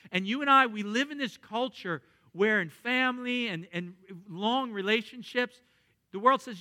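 A man preaching a sermon, reading scripture and speaking earnestly and with emphasis, sometimes dropping into quieter asides. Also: extremely high pitch, normal speed. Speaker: pastor.

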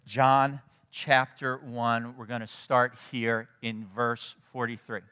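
Bright-voiced preacher man in a hall. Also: mid-range voice, takes it slowly, clean tone. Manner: conversational, animated, checks in with the congregation. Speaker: pastor. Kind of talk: sermon.

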